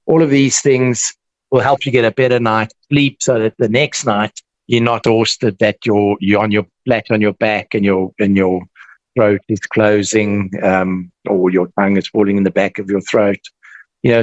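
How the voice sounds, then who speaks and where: Man, South African accent, dentist guest, fairly low voice, relaxed explaining, dry studio sound. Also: moderate pace, no room sound, muffled recording. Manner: relaxed, explains with examples and restarts. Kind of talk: casual explanatory chat.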